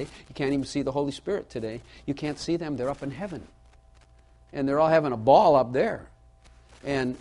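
This male preacher, medium in pitch with a darkish tone, tells his sermon in a homespun way. He keeps repeating key lines to drive them home, throws asides to the congregation, and asks them questions.

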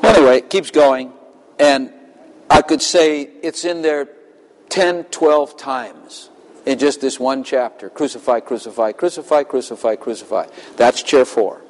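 A man's voice: a little high, slow pace. A man preaching a sermon, emphatic and impassioned, with dramatic readings of scripture. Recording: long hall reverb.

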